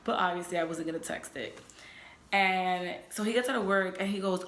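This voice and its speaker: A young woman tells a personal story in a loose, chatty way, scattering "like" and "you know" through her sentences. Her voice sits a little low for a woman, and the room around her is echoey. It sounds like a relaxed, one-person vlog. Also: brisk. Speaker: vlogger. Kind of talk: casual storytelling.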